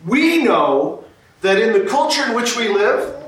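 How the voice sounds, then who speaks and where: A man's voice: very high voice, very animated, unhurried, fairly bright tone, recorded from a distance. A man preaching a sermon as pastor, casual and self-deprecating, with lots of fillers. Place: church sanctuary. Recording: very echoey church room from afar.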